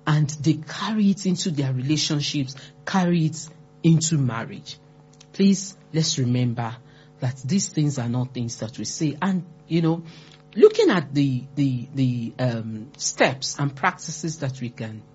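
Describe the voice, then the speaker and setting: Low husky woman lecturing earnestly, repeats herself for emphasis, kinda muffled recording. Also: a little mellow, a little hiss or hum. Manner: emphatic, repeats key words, acts out quoted remarks. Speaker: speaker on grief support. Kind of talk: earnest advice talk. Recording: dull lo-fi recording.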